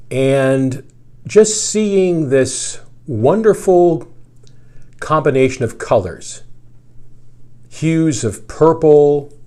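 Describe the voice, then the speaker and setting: Slow, rambling middle-aged storyteller. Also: male voice, a little high, darkish tone. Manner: unhurried, meandering, full of asides. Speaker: radio journalist telling a story. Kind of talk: casual storytelling.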